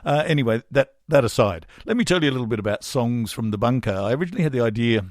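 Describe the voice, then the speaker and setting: A man's voice: medium pitch, lively intonation, fast, dry recording, studio quality. A middle-aged Australian man hosting a podcast, chatting wryly in a rambling, casual way. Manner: chatty, wry, rambling with fillers. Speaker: podcast host and songwriter.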